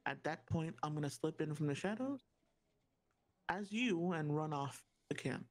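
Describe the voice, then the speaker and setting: Player at the table, calm and plain-spoken, mid-pitched voice. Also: moderate pace. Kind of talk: playing a tabletop game.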